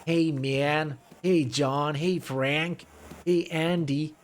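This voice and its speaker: A man's voice: a little high, steady tone, very slow, pitched above the performer's own voice. A man voicing a goofy young American bro with an exaggerated, drawling voice, calling his buddies over to play.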